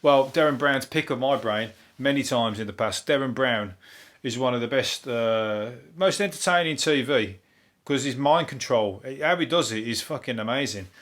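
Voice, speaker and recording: A man with a Brummie accent hosts a comedy podcast, talking at an ordinary pitch. He rambles through the day's stories in a dry, deadpan way, swearing freely and stumbling over fillers and restarts. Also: normal speed. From England. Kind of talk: rambling topical comedy monologue.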